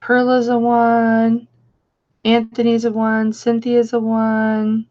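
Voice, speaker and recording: A woman's voice: on the high side, completely flat delivery, slow, a little mellow, dull audio. A woman hosting a casual live stream, chatty and affectionate as she reads out viewer comments. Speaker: live-stream host and reseller.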